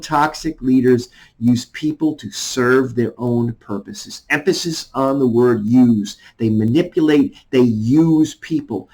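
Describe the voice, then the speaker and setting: An army chaplain delivers a devotional message in a mid-range voice at an ordinary male pitch. He speaks loosely and conversationally and reads scripture aloud, on a low-quality recording.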